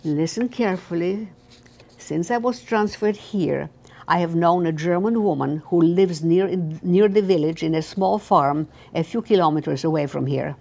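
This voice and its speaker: An older woman reading the lines of a young male German guard who speaks to her in a low, hushed and urgent voice. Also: moderate pace, creaky.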